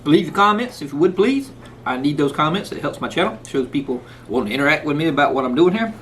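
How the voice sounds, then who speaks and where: A man's voice: a little high, lively intonation, quick pace, a bit bright, a little hiss or hum. A man hosting a casual cooking vlog, talking folksy and sometimes with food in his mouth. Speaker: cooking channel host. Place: outdoors in the rain, then indoors.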